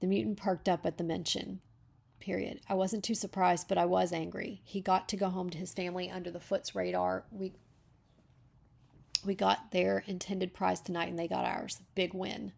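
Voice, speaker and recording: A woman's voice: on the low side, little pitch movement, normal speed, vocal fry, darkish tone. A woman reading a story aloud as a beta reader, breaking off to comment on the writing.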